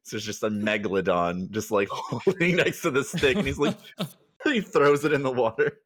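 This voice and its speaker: A man's voice: medium pitch, animated, normal speed, fairly bright tone. A man narrating as game master of a tabletop game, casual and often laughing.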